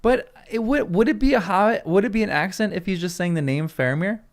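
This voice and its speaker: This American host talks fast in a high voice as he reads a fantasy novel for his channel. He's chatty, laughing often and thinking out loud in casual asides throughout the read-along.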